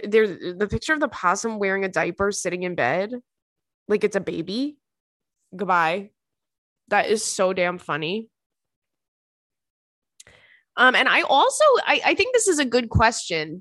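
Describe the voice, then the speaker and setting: A loose, chatty woman in her thirties talks casually as a show host, rambling and swearing freely. Her voice sits at a middling pitch. The sound is dry and close, with no room echo. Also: fairly bright tone. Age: 30s. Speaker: podcast host answering listener emails. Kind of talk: casual chat.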